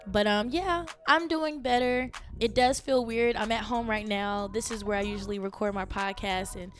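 A woman in her thirties hosting her own podcast from home, chatting casually and animatedly, laughing and jumping up high when she quotes her own thoughts. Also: normal speed, a bit bright, soft background music. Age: 30s. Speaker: podcast host. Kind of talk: casual solo podcast chat.

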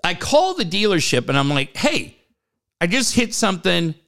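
A middle-aged man rants through a long story, swearing constantly and jumping in pitch as he acts out the people he met. His voice sits a little higher than most men's and swings widely. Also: very animated, normal speed, fairly bright tone. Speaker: co-host telling a story. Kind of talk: profane casual storytelling.

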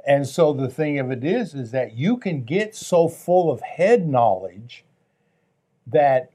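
A man's voice: medium pitch, sing-song, takes it slowly, warm tone. A man, a pastor, talking earnestly on a faith talk show, with a preaching tone and repeated phrases.

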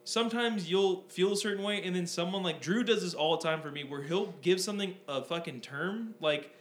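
A man's voice: high voice, fairly quick. A man co-hosting a podcast, chatting casually and rambling with lots of fillers and swearing. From Southern California. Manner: animated, profane, rambling with many fillers. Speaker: podcast co-host. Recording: echoey room with faint hum.

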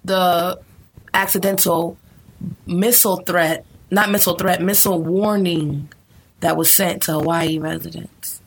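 A woman's voice: on the low side, steady tone, a little slow, a little hiss or hum. A woman co-hosting a podcast in casual chat, ranting bluntly with profanity and frequent laughter. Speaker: podcast co-host.

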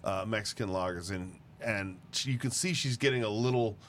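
Animated male co-host telling a story. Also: lowish voice, a little fast, a little hiss or hum. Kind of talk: casual storytelling.

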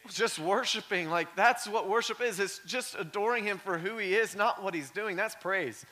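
Bright-voiced animated male pastor. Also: sits high, normal speed. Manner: animated, swings from quiet storytelling to shouting; conversational, many "like" fillers. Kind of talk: sermon.

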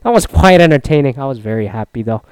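A young man casually recounting a solo trip, rambling and swearing, with loud mock-outraged outbursts. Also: medium pitch, animated, fast, clear, resonant tone, no room sound. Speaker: vlogger recapping a solo trip. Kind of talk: casual profane storytelling.

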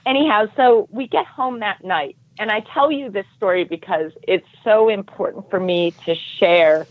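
A middle-aged woman telling her story as a podcast guest, earnest and animated. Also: mid-range voice, moderate pace, no room sound, narrow, tinny audio. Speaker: podcast guest, triathlon coach.

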